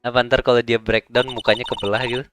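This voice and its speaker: A man streaming a game, making quick, joking asides, with game music behind. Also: medium pitch, level tone. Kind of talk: casual game commentary.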